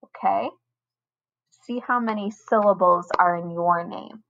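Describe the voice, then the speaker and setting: A woman teaching a recorded lesson to first graders, speaking slowly and patiently with careful, stretched-out pronunciation. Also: medium pitch, a bit bright, muffled recording. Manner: slow, patient, over-enunciated teacher talk. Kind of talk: recorded online lesson for children.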